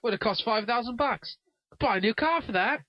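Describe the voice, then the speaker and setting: A young man improvising as a talk show guest in a put-on English-Australian accent, rambling and filling every pause with "you know", recorded in a parked car. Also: very high voice, animated, no room sound, lo-fi sound. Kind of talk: improvised comedy sketch.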